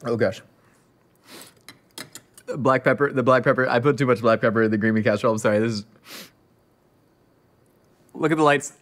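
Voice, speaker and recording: A man's voice: mid-range voice, fairly quick, pauses often. A man in the middle of his range rambles through awkward dinner-table small talk. He trips over fillers and restarts and drifts from topic to topic, with no note of any recording fault. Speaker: host. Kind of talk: scripted comedy monologue to camera.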